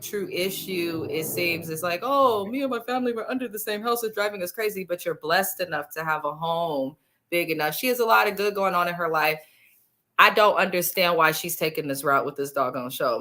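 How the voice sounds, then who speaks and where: Blunt, slangy woman with a lowish voice. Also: pushed and bright. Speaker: reality TV review host. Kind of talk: casual opinionated chat.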